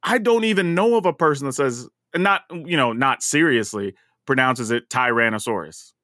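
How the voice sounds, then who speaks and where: Man, Southern US accent, podcast co-host, lively swinging pitch, chatty and laughing, dry close sound. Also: normal speed, dry recording. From American South. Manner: animated, chatty storytelling with frequent laughs. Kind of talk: casual podcast chat.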